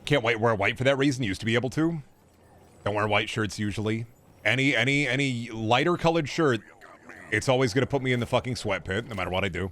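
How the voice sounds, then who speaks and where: A man's voice: mid-range voice, quick pace, fairly bright tone. A young man streaming games, chatting casually with sarcastic, profane rants. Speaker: gaming streamer.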